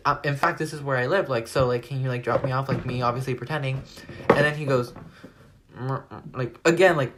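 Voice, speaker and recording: A teenage young man telling a personal story to his vlog audience in a rambling, animated way, packing nearly every phrase with "like.". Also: medium pitch, a little fast, a little hiss or hum. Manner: rambling, animated retelling full of "like". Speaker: vlogger. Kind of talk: storytime retelling.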